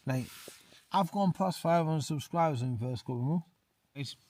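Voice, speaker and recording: Recorded dry, his voice sits a little high, moves at a moderate pace and sounds slightly mellow. The tipsy, talkative English vlogger is reviewing beer casually on camera inside a small tent among winter hills. He says "mate" nonstop and goes over the same points again.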